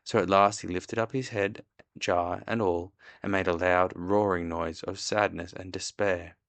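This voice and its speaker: Dad narrator for a bedtime storybook: low voice, expressive and measured, dry close sound. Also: male voice, no echo. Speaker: father reading to his child. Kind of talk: reading a storybook aloud.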